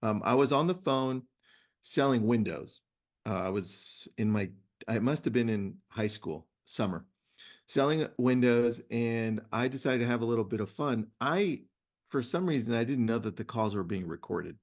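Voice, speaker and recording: A middle-aged man hosts a webinar in a relaxed, chatty way and tells stories with lively animation. His voice has a gravelly, creaky edge at a mid pitch. The sound is muffled and lo-fi, as on a video call. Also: moderate pace. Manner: animated storyteller. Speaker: webinar host. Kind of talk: casual webinar chat. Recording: muffled lo-fi web audio.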